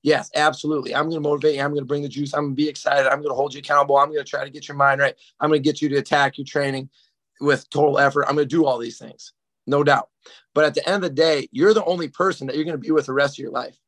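A male strength and conditioning coach speaks on a group coaching call, laying out his ideas in a direct, motivational way. His voice is a little high, and the sound is dry and close, with no room around it. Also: fairly even intonation, racing, a bit bright, dry recording. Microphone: video call.

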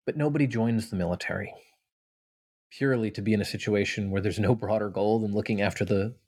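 A man's voice: on the low side, a little fast, darkish tone, husky, no room sound, studio quality. A man who is an author and veteran, reading a passage aloud and then answering interview questions in an earnest, thoughtful way, often restarting his sentences. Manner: earnest, thoughtful, many restarts and "right?" tags.

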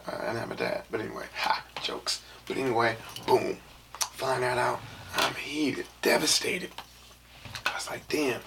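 A man's voice: on the low side, creaky, a bit bright, slight background noise. A young man from San Francisco telling a rambling personal story in casual talk, full of filler phrases and half-whispered asides. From San Francisco, USA.

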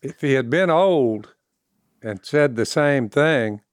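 A man's voice: mid-range voice, lively intonation, slow pace, no room sound, studio quality. A man in his seventies on a podcast, talking about the Bible in a folksy, rambling way. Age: 70s. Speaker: podcast co-host. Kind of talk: casual Bible discussion.

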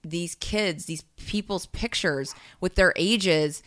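A woman's voice: on the low side, slow, a bit bright. A woman in casual podcast chat, blunt and profane, often laughing.

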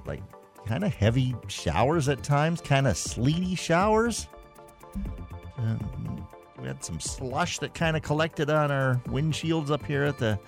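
A man hosting a live local call-in radio show from a studio, talking in a relaxed, halting way with fillers. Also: mid-range voice, creaky. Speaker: radio talk show host.

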